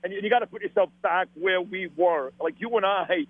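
Brooklyn guy, high-ish voice, swears a lot, sounds like he's on a phone line, dry. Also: a little fast, no room sound. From Brooklyn, New York. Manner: blunt, profane, emphatic storytelling. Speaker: radio host, podcast guest. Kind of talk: candid casual conversation.

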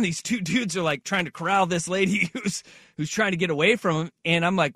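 A man hosting a morning show, chatting casually and telling stories with lively acted-out quotes. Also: high voice, fairly quick, slightly rough, dry recording, clean studio sound. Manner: animated storyteller, acts out quotes. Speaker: radio show host. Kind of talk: casual studio banter.

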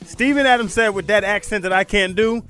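A man's voice: high voice, brisk, bright, forceful tone, faint music behind. A man co-hosting a sports radio show, playful and laughing in casual banter. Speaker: radio co-host.

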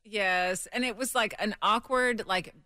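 A woman's voice: medium pitch, unhurried, very noisy. A woman co-hosting a morning radio show, chatting with callers and laughing often. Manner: lively, laughs a lot. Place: radio studio. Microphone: studio mic.

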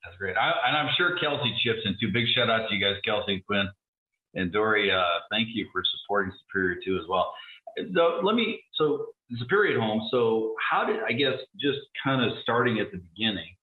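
A man's voice: on the low side, big pitch swings, brisk. A man hosting a radio talk show, chatty and upbeat with lots of fillers. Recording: distant, echoey, phone-like sound.

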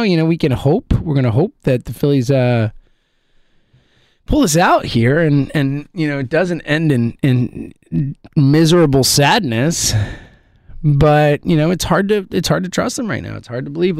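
A man's voice: mid-range voice, darkish tone, no echo, studio quality. A man, ranting in frustration about his baseball team, rambling and laughing bitterly. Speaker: sports fan commentator. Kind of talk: ranting sports commentary.

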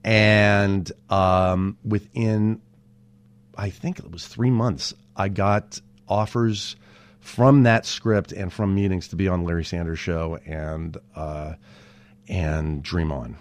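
A man in his forties from Southern California, a TV writer telling stories as a podcast guest in an animated way, often restarting his sentences. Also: deep voice, slow pace. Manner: animated, with frequent restarts and repeated words. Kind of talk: casual storytelling in an interview.

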